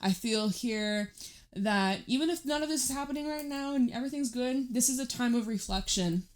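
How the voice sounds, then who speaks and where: A woman giving a tarot reading to camera, talking in a gentle, reassuring, chatty way with many fillers. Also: fairly high pitch, moderate pace. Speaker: tarot reader.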